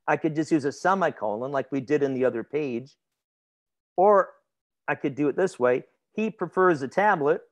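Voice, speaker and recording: An instructor with a fairly high voice and lively intonation teaches a grammar class at a moderate pace. He keeps things chatty and informal, stopping to ask his students questions and laughing easily.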